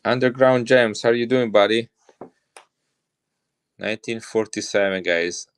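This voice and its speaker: A deep-voiced middle-aged man with an Italian accent talks casually on a live stream. He chats with viewers and shows off coins as he goes. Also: unhurried, smooth. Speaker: coin seller on a live stream.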